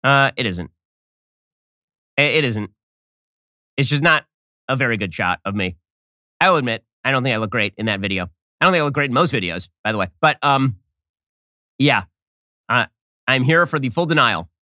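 Speaking fast into a close studio mic, a political commentary host gives a sardonic monologue full of quick restarts. His mid-range voice is expressive with a sharp tone. There is no room sound.

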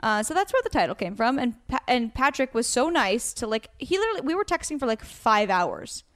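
A woman comedian, on a podcast as a guest, rattles along at high speed with a voice pitched a little high. Her casual talk rambles and jokes as she goes. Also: sing-song. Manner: rapid, rambling, joking. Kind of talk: casual chat.

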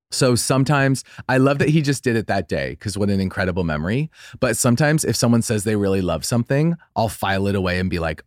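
A man's voice: no echo, studio quality. A man co-hosting a podcast who is effusive and gushing in casual chat, and says he is sick. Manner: effusive, gushing, swoops high when excited. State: has a cold. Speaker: podcast co-host.

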